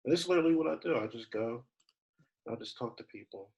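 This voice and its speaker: In a screen-share walkthrough, a man who works as a travel agent talks fast with lively intonation while he clicks through pages and reasons aloud. His mid-range voice has a darkish tone, and the audio is rough.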